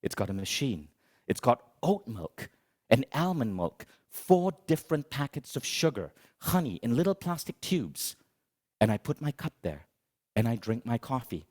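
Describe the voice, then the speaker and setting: A middle-aged man giving a motivational talk on stage, telling a comic story in an animated, dramatic, self-mocking way. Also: mid-range voice, normal speed. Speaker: motivational speaker.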